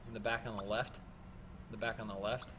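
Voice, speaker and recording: A man's voice: fairly low pitch, level tone, fairly quick, sharp tone. A man co-hosting a gameplay stream, giving sarcastic, jokey running commentary. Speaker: let's play co-host. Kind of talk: casual gameplay banter. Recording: game music underneath. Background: game music.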